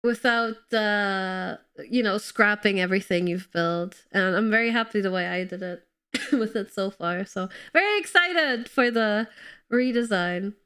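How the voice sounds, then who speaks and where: A woman streaming a game, chatting casually and excitedly with her viewers while slightly ill and coughing. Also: medium pitch, unhurried, clean tone. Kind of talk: casual live-stream chat while playing.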